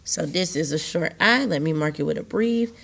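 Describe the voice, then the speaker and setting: A young woman teaches a recorded lesson to children in a patient, sing-song manner, repeating her key points. Her voice sits on the lower side for a woman. It sounds like it was picked up by a laptop microphone. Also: expressive, normal speed, gravelly, a bit bright. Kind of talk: recorded video lesson on syllables.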